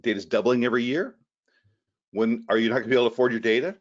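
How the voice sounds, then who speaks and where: A man giving an energetic webinar presentation over a video call, often repeating words as he goes. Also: mid-range voice, very fast, muffled recording. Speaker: guest presenter from a data company.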